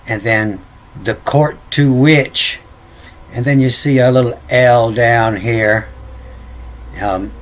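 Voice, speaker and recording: A man explaining ancient letters off the cuff, halting and repeating words, spelling out letters one at a time. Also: mid-range voice, steady tone. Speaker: self-taught lecturer.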